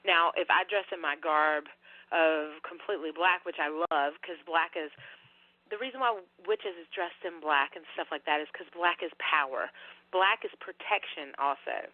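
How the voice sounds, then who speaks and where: A woman's voice: low-pitched, moderate pace, no echo. A woman guest talking in a casual, rambling and earnest way, full of fillers. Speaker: guest, paranormal researcher. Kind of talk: casual podcast conversation. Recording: tinny phone-like line.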